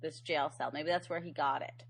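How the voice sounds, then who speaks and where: A woman's voice: sits low, fairly even intonation, a little fast, vocal fry. A woman co-hosting a podcast, chatting casually about a movie, playful and often laughing. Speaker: podcast co-host.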